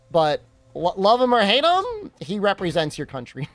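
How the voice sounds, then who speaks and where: A man's voice: high-pitched, huge pitch swings, measured pace, dry recording. A young American man streaming and chatting casually, joking and reacting to questions from his chat.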